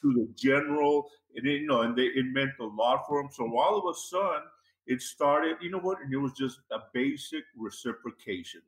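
Male guest, mid-pitch, chatty rambling storyteller, roomy sound. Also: brisk. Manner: rambling, conversational, many fillers and restarts. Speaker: interview guest. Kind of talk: casual storytelling. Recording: roomy echo.

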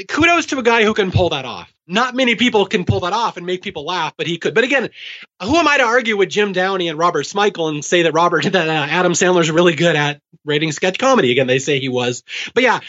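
A man's voice: on the high side, sharp tone. A man in his forties co-hosting a podcast, talking casually and eagerly, often laughing. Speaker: podcast co-host. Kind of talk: casual chat. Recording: dull lo-fi sound.

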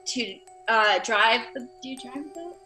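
A woman's voice: a little high, animated, measured pace, sharp tone, faint music behind, rough recording. A woman co-hosting a podcast, telling a history story in a loose, chatty way full of fillers. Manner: chatty, loose, lots of fillers while narrating. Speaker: podcast co-host.

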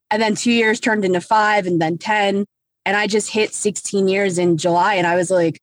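A woman's voice: mid-range voice, steady tone, moderate pace, no echo. Woman, 30s, candid storytelling, swears, acts out quotes, dry sound.

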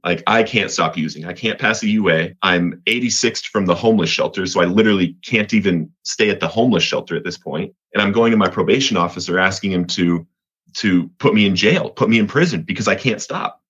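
A man's voice: sits low, fairly quick, a bit bright, slightly rough, highs cut off. A man from Colorado, a podcast guest giving an earnest personal faith testimony, often restarting and repeating words.

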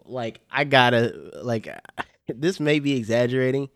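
A man's voice: medium pitch, unhurried, no echo, studio quality. A young man casually telling a funny story on a podcast, laid-back and slangy, swearing freely. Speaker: podcast co-host.

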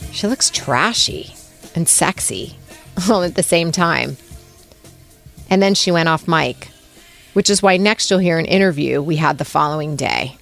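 A woman's voice: low voice, gravelly. A woman hosting a podcast, narrating between segments and asking her guest curious questions. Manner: conversational, inquisitive. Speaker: podcast host.

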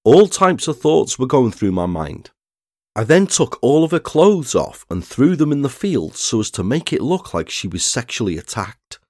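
A man, narrating a true crime story in a measured scripted read. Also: medium pitch, sing-song, no room sound, studio quality. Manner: measured, reads statements aloud plainly.

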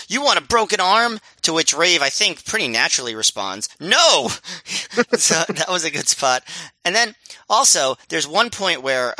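A man's voice: mid-range voice, pushed and bright, dry recording, rough recording. A man co-hosting a podcast, chatting casually with dry teasing humor. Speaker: podcast co-host.

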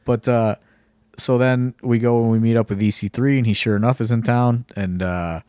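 A man's voice: mid-range voice, steady tone, moderate pace, a little mellow, smooth, no echo. Rambling storytelling man, dry close sound. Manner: rambling storyteller, many fillers and swearing. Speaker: wrestling promoter and podcast co-host. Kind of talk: casual podcast chat.

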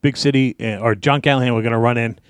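A man, a wrestling guest, telling a story in casual talk, cursing freely and acting out his shouting. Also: mid-range voice, fast, no room sound. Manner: profane, animated, acts out yelling.

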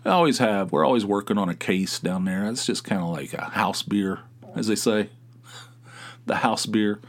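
A man's voice: on the low side, animated, a little fast. A middle-aged man hosting a podcast, talking in a rambling, profane casual monologue with many restarts. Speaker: podcast host.

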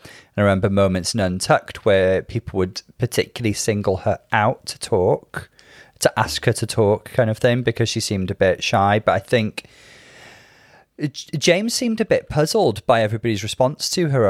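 Low, dry-voiced man musing. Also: lively intonation, no echo. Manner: thoughtful, measured, hedging with "I think". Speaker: podcast co-host. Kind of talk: casual chat.

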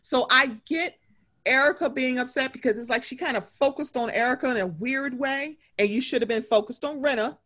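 A woman co-hosting a casual gossip podcast about reality TV. She speaks, swears freely and acts out other people in exaggerated voices. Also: brisk. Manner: animated, profane, acts out others in high voices. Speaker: podcast co-host.

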